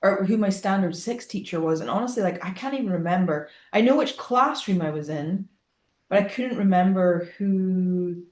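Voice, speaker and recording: A woman from northeast Scotland with a Scottish accent, co-hosting a casual podcast chat and telling stories in an animated way. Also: on the low side, normal speed, reverberant. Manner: animated storytelling, acts out quoted voices. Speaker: podcast co-host.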